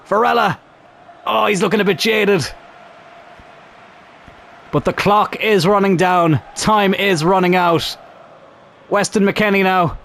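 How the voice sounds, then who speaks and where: Young man, gaming commentary, slightly high voice, faint room hum, desk mic. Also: takes it slowly, vocal fry, pauses often. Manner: excitable, shouts at big moments. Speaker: gaming YouTuber. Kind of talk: live game commentary.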